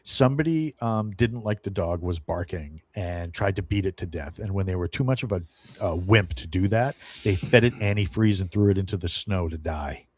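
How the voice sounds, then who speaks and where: A middle-aged man, a dog handler appearing as a podcast guest, telling stories in an animated, rambling way with many fillers and restarts. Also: low-pitched, normal speed. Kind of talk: casual podcast storytelling.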